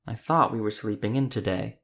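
A man's voice: lowish voice, a little fast, vocal fry, a bit bright. A man narrator voicing a proud male doctor and monster hunter with a dry, understated manner. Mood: teasing.

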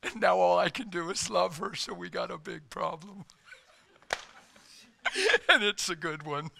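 A middle-aged man preaching with a very bright, ringing voice and a slightly raised pitch. He tells his story animatedly, jumping between loud bursts and near-whispers. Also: unhurried, vocal fry, a little hiss or hum. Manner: animated, swings from loud to hushed, acts out quotes. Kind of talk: sermon storytelling.

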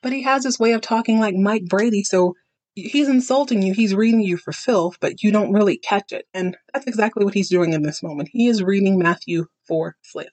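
A woman's voice: medium pitch, fairly quick, darkish tone, no echo. A woman hosting a podcast, giving a sassy, dramatic, chatty recap of a TV episode. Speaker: podcast host. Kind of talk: casual TV recap commentary.

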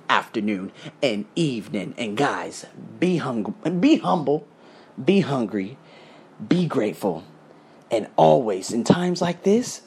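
A man hosting his own podcast, giving an exuberant motivational monologue that swings from loud, excited bursts to low, calm talk. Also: slight background noise. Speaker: podcast host.

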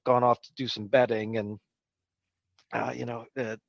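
A man's voice: medium pitch, flat delivery, normal speed, creaky. A man chatting casually on a podcast, rambling and acting out bits of film scenes as he goes. His voice sits in a middle range, and the recording sounds dull and lo-fi with no room echo. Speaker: podcast co-host. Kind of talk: casual chat about a film.

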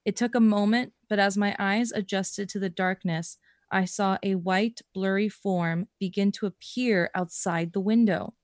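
A woman's voice: mid-range voice, unhurried, no echo, clean studio sound. Woman reading a story aloud. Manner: expressive reading, breaks into laughter and swearing. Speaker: podcast co-host reading listener stories.

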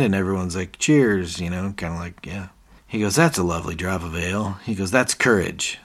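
A man's voice: low voice, moderate pace. Laughing man retelling TV scenes. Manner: retells scenes, acting out quoted lines with laughter. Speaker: podcast co-host. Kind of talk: casual recap chat.

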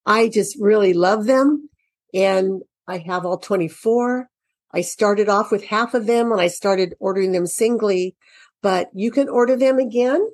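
A woman's voice: medium pitch, measured pace, darkish tone, no echo. A woman walking parents through children's reading workbooks in a chatty, thinking-aloud way, turning sing-song when she reads to children, speaking into a computer mic during an online share. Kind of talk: casual instructional walkthrough. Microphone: computer mic during an online screen share.

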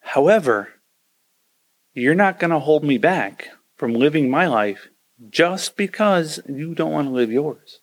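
A man's voice: a little high, expressive, measured pace. Man ranting on a casual podcast. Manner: ranting, acts out quoted voices. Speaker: podcast host. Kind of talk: casual advice monologue.

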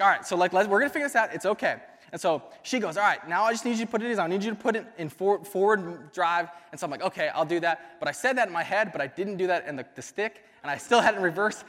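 Fast-talking young man preaching in a hall. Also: high voice, fairly bright tone. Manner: casual, rambling storytelling with many fillers. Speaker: youth ministry speaker. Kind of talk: youth sermon with personal story. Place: church youth service hall. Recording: reverberant church hall.

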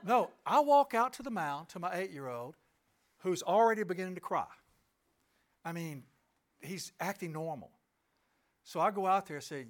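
A middle-aged man shares a personal story with an audience, speaking emphatically and tossing out rhetorical questions to his listeners. His voice is high with lively intonation, and he keeps a moderate pace.

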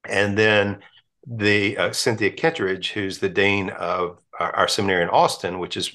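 Bright-voiced man telling chatty stories. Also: fairly low pitch, level tone, normal speed. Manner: chatty storyteller, many restarts and laughs. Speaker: guest, Episcopal priest. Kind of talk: casual conversation.

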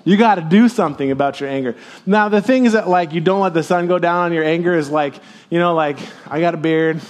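A middle-aged male pastor preaching with a slightly high voice. He keeps his sermon casual and jokey and talks to the room like friends. He swings from loud, raised emphasis to low, quiet asides. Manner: conversational, jokey preaching with lively swings in loudness and pitch.

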